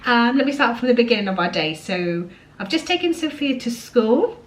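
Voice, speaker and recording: A young woman, hoarse today, chatting casually to camera in her home kitchen, rambling with fillers as she vlogs her day. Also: on the high side, sing-song, moderate pace. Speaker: vlogger.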